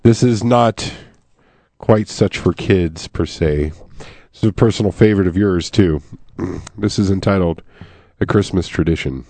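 A man's voice: low voice, measured pace, warm tone, no echo. A man hosting a radio poetry open mic in a studio, reading poems and laughing easily with his co-host.

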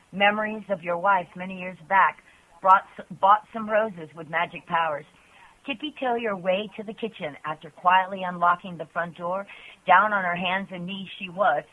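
A woman caller on a call-in show, reading her own poems in an earnest, chatty way. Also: medium pitch. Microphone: telephone. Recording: tinny phone line.

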